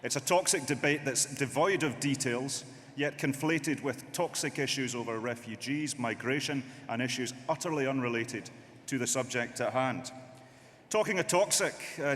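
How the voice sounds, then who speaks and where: A man's voice: a little high, moderate pace, fairly bright tone. A man giving an impassioned, rhetorical political speech at a conference, repeating his points for emphasis. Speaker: conference delegate speaker. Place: large conference hall. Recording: long hall reverb, faint noise.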